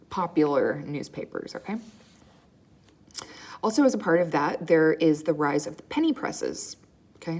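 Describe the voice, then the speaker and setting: A woman teaching a history lesson over slides in a relaxed, chatty way, often checking in with "okay?" and filling pauses with ums. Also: deep voice. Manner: casual, checks in with "okay?" and "right?"; frequent ums and uhs, restarts. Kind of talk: recorded slide lecture.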